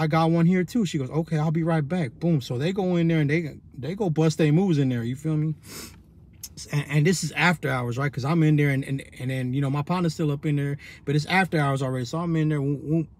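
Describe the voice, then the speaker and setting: Husky Bay man spinning a story. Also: a little high, a little mellow. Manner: loose, rambling, slang-heavy, many restarts and tag questions. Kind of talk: casual storytelling monologue.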